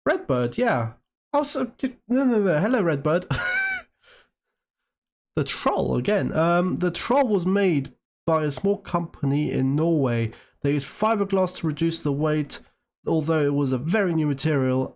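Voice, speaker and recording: Man, slightly high voice, from Great Britain and Germany, casual live-stream chatter, rambling, answers viewers. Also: darkish tone. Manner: rambling, answers viewer questions while working.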